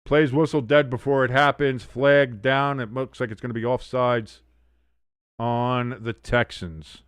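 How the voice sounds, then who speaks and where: Excitable man calling football live. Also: mid-range voice, measured pace, clear, resonant tone, dry recording. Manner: excitable play-by-play with blunt, profane reactions. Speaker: live-stream watch-along host. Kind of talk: casual live sports commentary.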